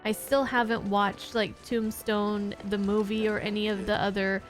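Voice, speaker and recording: A woman's voice: medium pitch, little pitch movement, normal speed, soft background music. A woman hosting her own channel, giving an earnest, heartfelt casual review of her favorite TV episodes. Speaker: YouTube reaction host.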